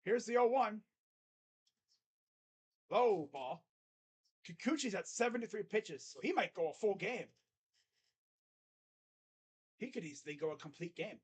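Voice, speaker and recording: Young guy streaming fan play-by-play, higher voice, rambles then gets loud on the pitches. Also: husky. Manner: chatty, rambling, jumps to excited calls. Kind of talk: live fan play-by-play commentary.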